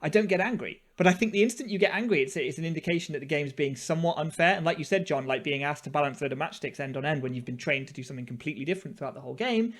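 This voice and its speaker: High voiced guy rambling on a podcast, lively, laughs at himself. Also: very fast, few pauses. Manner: rambling, self-mocking, laughing. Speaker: podcast co-host. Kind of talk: casual chat.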